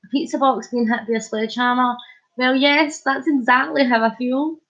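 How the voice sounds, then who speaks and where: A Scottish woman chats on her live stream in a slightly high voice, playful and animated as she answers comments and spins a story. The audio is dull and lo-fi, like a cheap stream mic. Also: moderate pace. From Scotland. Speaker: livestream host. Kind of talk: casual live-stream chat.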